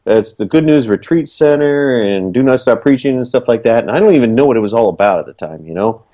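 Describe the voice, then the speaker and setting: A man's voice: mid-range voice, lively intonation, quick pace, mellow. A man telling his story in casual, earnest talk, rambling with lots of fillers. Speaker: guest, small business owner. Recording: dull lo-fi recording.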